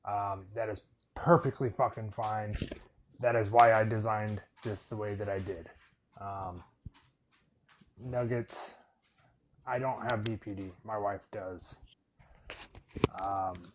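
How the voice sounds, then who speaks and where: A man's voice: lowish voice, a little hiss or hum. A man hosting a live panel chat, earnest and plain-spoken with frequent "um" fillers and some swearing. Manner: earnest, profane, filler-heavy. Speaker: host of live discussion panel.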